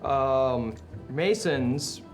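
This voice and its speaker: A man's voice: mid-range voice, extremely slow, faint music behind. Casual man co-hosting a stream. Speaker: co-host.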